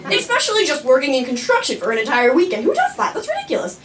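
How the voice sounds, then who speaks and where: A woman's voice: sits high, huge pitch swings, quick pace, recorded from a distance, crowd noise. A young woman telling a personal story live on a small stage, chatty with lots of "like" and frequent laughter.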